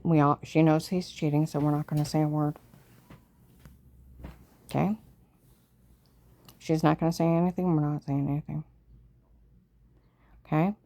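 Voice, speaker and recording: A middle-aged woman telling her own story casually and with feeling, often sinking to a hushed near-whisper and checking in with the listener with "okay?". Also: low voice.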